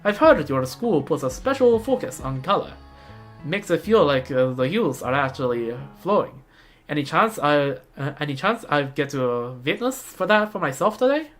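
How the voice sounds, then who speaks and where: A woman's voice: low voice, big pitch swings, moderate pace, faint music behind. A woman doing a smug rival designer with a Russian accent. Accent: put-on Russian.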